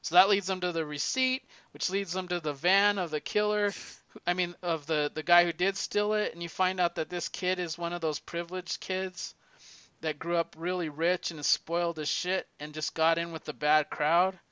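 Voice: medium pitch, fairly even intonation, moderate pace, bright, forceful tone, smooth, dry recording. Casual podcast chat, swears a lot, says like constantly, dry close sound. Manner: rambling and profane, heavy use of "like". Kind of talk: casual chat, retelling a movie plot. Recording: dull lo-fi recording.

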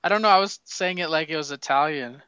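A man talks comics in loose, profane banter, laughing easily and tripping over his words. His voice is bright and crisp, a little higher than most. The recording is dry and slightly dull, lo-fi. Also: quick pace, no room sound. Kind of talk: casual comic book chat.

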